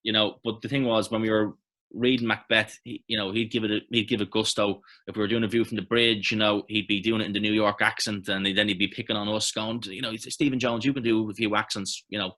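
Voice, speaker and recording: An Irish man in his thirties, an actor reminiscing in a relaxed, rambling interview with many fillers and restarts. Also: lowish voice, quick pace. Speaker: actor guest. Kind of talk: casual interview chat.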